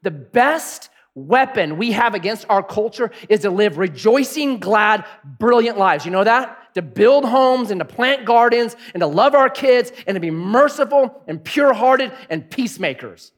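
A pastor delivering a sermon in a conversational, animated way, often asking the congregation questions. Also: male voice, high voice, moderate pace.

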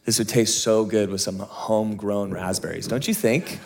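A man voicing his teasing adult brother in a sermon story, wheedling and needling, his voice climbing higher as he goes. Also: steady tone, moderate pace, creaky, darkish tone. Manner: wheedling, needling, rising at the end.

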